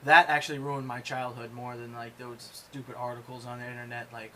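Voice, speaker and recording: A man in a casual chat, animated and teasing, laughing a lot. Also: mid-range voice, a little fast, few pauses, a little hiss or hum.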